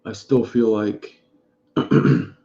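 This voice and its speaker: A man's voice: fairly low pitch, little pitch movement, extremely slow, dark tone. A man hosting a casual live stream, rambling and greeting viewers in chat by name. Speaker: vape reviewer streaming live. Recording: dull lo-fi sound in an echoey room.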